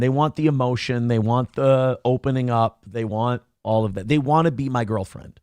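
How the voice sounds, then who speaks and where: A man's voice: medium pitch, normal speed, clear, resonant tone, no echo, clean studio sound. A man hosting a casual livestream show, telling a story with a lot of swearing and acting out the other people in it. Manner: animated storytelling, swears, acts out voices. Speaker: show host.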